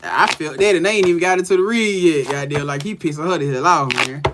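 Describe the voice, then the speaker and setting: A man's voice: a little high, fast, noisy background. Slangy man doing a live reading. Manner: loose, slangy, greets chat viewers by name, laughs often. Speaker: tarot reader on a live stream. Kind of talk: casual live-stream reading.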